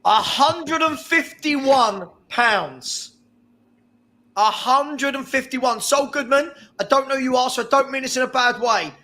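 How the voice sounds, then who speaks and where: A man runs a charity livestream auction with a very high voice. He calls the bids slowly and deliberately and jokes with the chat. He laughs often between the numbers. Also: bright, forceful tone. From England. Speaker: charity stream host running an auction.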